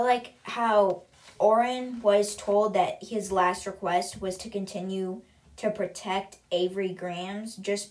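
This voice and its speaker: A woman hosting a book podcast, casually recapping chapters and chatting about them. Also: medium pitch. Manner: casual, chatty, says like a lot. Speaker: podcast host.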